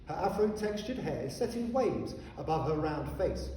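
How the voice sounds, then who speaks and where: Brief: male storybook narrator, slightly high, recorded distant with long reverb and faint background hiss. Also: moderate pace. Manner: expressive, animated reading. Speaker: narrator reading a children's story. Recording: echoey hall, voice heard from afar, faint noise.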